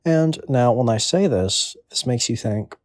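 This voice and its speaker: A man's voice: mid-range voice, lively intonation, a little slow, no echo, studio quality. A man in his twenties delivering a crude comedic monologue in a rambling, offhand way. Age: 20s. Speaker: comedic storyteller.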